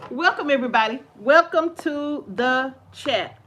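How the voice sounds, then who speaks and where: Brief: high-pitched woman, livestream co-host, chatty and laughing, reads viewers' names aloud. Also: a little slow, slight background noise. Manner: warm, laughing, greets viewers by name. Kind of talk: casual live chat reading viewer comments.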